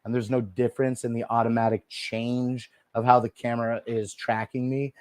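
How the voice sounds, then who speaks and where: Relaxed chatty man on a lapel mic. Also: medium pitch, moderate pace, no echo. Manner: chatty, rambling, talks straight to viewers; speaking softly and relaxed instead of his usual loud delivery. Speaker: live shopping stream host. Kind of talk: casual live-stream product demo. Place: indoor room, moving around on camera. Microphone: wireless lapel mic.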